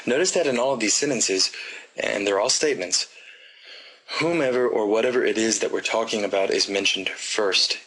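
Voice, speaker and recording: A man teaching a grammar lesson, talking slowly and deliberately and pausing for the listener to repeat after him. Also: fairly low pitch, pushed and bright, husky, poor audio. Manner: slow, deliberate drilling with pauses for repetition. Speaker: Spanish teacher.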